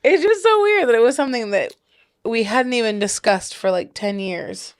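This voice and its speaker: A woman chats with her husband on their podcast, laughing often and acting out little scenes with lots of "like" fillers. Her voice sits fairly high. The sound is close and dry, with no room echo. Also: moderate pace. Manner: giggly, animated storytelling with many fillers. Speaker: podcast co-host. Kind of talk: casual couple chat.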